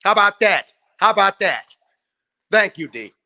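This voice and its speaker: A man with a very high, bright, forceful voice trash-talks boxers on a sports talk show. He swears freely and mocks the fighters in quick, playful jabs, sometimes slipping into joke voices. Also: big pitch swings, creaky. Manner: profane, mocking, jumps into joke voices. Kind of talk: hype sports banter.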